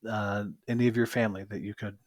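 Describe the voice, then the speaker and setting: A man's voice: lowish voice, steady tone, fast talker, no echo. A man hosting a podcast interview, talking hesitantly with many fillers. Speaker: podcast host. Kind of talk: casual conversational interview.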